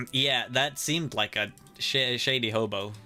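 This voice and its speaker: A male streamer with a bright, forceful voice reads each character's dialogue aloud as he plays. He cracks jokes and laughs often between the lines, with faint music underneath. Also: medium pitch, slow. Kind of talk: casual playthrough with voiced reading.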